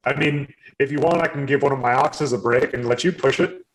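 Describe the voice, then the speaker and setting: A man's voice: mid-range voice, a little fast, slight background noise, natural voice, low-quality recording. A man voicing Trezek, a friendly big red male host who stumbles over his offers of help. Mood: polite. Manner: hesitant, fumbling hospitality.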